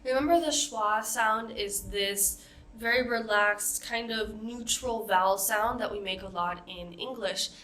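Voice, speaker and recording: A woman with an American accent teaching a pronunciation lesson, modeling example words slowly and carefully. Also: mid-range voice, sharp tone. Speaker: accent coach.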